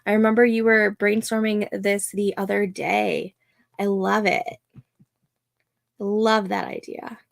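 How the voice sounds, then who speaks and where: A woman's voice: mid-range voice, steady tone, slow pace, vocal fry, dry recording. A young adult woman hosting a casual livestream from home at night, chatting with viewers and talking to her dog. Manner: talks to her dog between remarks to viewers. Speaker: livestream host. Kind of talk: casual chat to a livestream audience.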